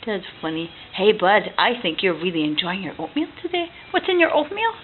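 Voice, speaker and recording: A woman at home retelling a picture book with a toddler, gentle and coaxing, often dropping to a hush. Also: mid-range voice, sing-song, brisk. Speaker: parent reading to a toddler. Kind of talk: bedtime story retelling. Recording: tinny lo-fi home recording, faint hiss.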